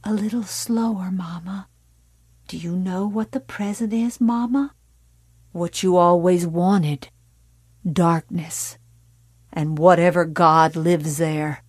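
A woman voicing a wounded young woman with strange powers, speaking in a slow, cold, soft whisper. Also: lowish voice, steady tone, slightly rough, dry recording, studio quality.

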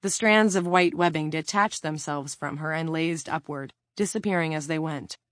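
Lower-voiced woman reading a story. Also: moderate pace, no echo, clean studio sound. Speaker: audiobook narrator. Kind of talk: scripted narration.

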